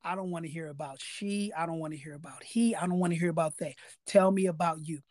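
A man's voice: a little high, fast, darkish tone, no echo. A man hosting a podcast interview, talking emphatically in a casual way and repeating key phrases for weight. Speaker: podcast host.

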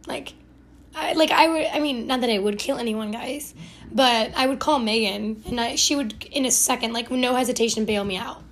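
In a casual storytelling monologue, a young woman from Ohio who hosts a podcast drifts through a self-deprecating tale, peppered with "like" and corrections of herself. Her voice is on the high side at a moderate pace, with slight background noise.

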